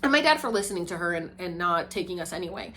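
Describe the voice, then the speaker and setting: A woman from Puerto Rico talking casually to camera as a vlogger, chatty and animated, dropping to low murmurs and jumping to high excited bursts. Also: quick pace. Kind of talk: casual talking-head vlog.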